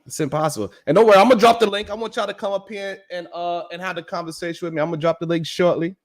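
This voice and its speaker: Blunt, profane New man, fairly high voice. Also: fairly even intonation, rapid-fire. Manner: blunt, profane, emphatic street talk; repeats "you know what I'm saying" often. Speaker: live-stream show host. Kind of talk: casual monologue to a live audience.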